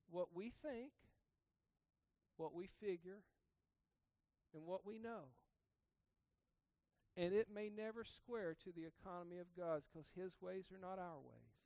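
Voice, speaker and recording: A man preaching a sermon, asking the congregation questions and breaking into loud, emphatic bursts. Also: high-pitched, no room sound. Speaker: pastor.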